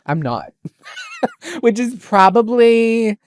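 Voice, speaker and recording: A young woman telling a story in a casual, animated vlog rant, exasperated and repeating lines for effect. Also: deep voice, moderate pace, no room sound, studio quality. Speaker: vlogger.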